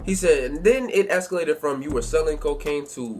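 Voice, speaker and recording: A man's voice: on the high side, fairly quick, darkish tone, soft background music. A young man telling a story from his life in a casual, rambling way at home, full of slang and filler phrases. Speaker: youtuber. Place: bedroom at home.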